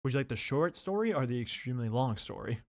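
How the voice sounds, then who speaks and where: A man co-hosting a podcast in an easygoing, casual chat. He talks in a relaxed way, with frequent filler words and loose phrasing. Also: mid-range voice, quick pace. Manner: relaxed, filler-heavy with lots of "like". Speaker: podcast co-host.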